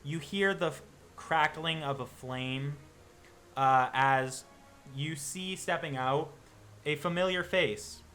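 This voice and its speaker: A man's voice: a little high, slow pace, sharp tone, soft background music. A man running a tabletop game as game master, narrating loosely with lots of fillers and restarts.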